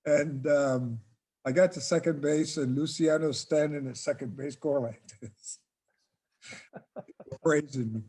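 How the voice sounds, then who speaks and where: An older man and former ballplayer, relaxed and casual, telling a long anecdote in an interview and acting out the dialogue. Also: fairly high pitch, slow, long pauses, breathy edge. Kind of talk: casual storytelling.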